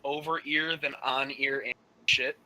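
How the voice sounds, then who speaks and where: A man co-hosting a casual podcast chat, excitable and quick to blurt out his thoughts. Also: mid-range voice, over a noisy crowd, rough recording. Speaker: podcast co-host.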